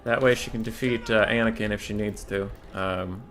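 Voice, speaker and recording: Faint game music underscores a young gamer streamer commentating his own strategy match. His lowish, fairly bright voice moves at a moderate pace with fairly even intonation, full of sarcasm and profanity and the odd outburst at his units.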